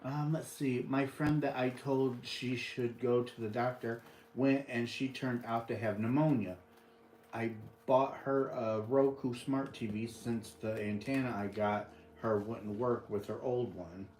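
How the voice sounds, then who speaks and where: Slow-talking American man in echoey room. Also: medium pitch, steady tone, a little mellow, a little hiss or hum. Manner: slow, easygoing, greets viewers by name. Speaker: livestream host. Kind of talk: casual live chat reading viewer comments.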